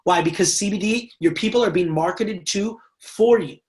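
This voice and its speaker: A man leading a network marketing team training, energetic and chatty, acting out little quoted exchanges and checking in with "right?" and "okay?". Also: high-pitched, moderate pace. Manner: energetic, acts out quoted voices, says "right?" and "okay?" often. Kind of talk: motivational training talk.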